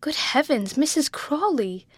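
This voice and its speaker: A woman reading the part of a portly gentleman who blusters and gets flustered. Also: mid-range voice, fairly even intonation, measured pace, dry recording.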